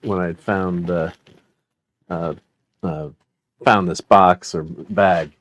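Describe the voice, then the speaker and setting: A man's voice: low-pitched, steady tone, slow pace, a bit bright. A middle-aged man chatting casually about old toys from his collection, rambling with lots of fillers and chuckles, on a portable mic. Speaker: toy collector vlogger. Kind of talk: casual unboxing chat.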